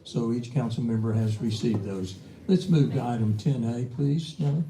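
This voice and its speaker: A man chairing a city council meeting, speaking politely with many halting uh's and restarts. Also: mid-range voice, over a noisy crowd. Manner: halting, filler-heavy, polite. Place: council chamber. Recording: roomy chamber, voice from far off.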